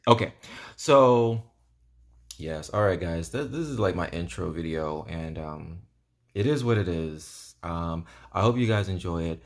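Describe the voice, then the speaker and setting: A man's voice: sits low, animated, a little slow. A man talking casually to camera in a vlog, rambling earnestly with lots of ums and you-knows. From United States. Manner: earnest and enthusiastic. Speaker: vlogger.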